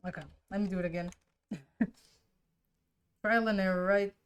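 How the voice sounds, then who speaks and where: A woman streamer thinking aloud to herself while drawing, trying colors and musing in a relaxed, casual way. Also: mid-range voice, moderate pace, smooth. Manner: musing to herself, trial and error, soft laughs.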